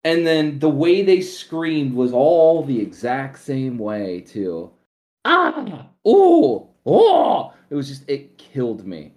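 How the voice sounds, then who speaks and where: A man co-hosting a podcast in casual chat, animated, swearing and laughing at his own points. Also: mid-range voice, slow pace, hardly any pauses, reverberant. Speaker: podcast co-host.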